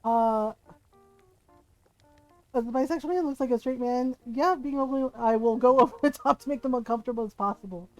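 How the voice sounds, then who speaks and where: A woman's voice: fairly high pitch, fairly quick, soft background music, rough recording. A middle-aged woman streaming, telling stories in casual chat and laughing often as she talks. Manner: chatty storyteller, laughs often.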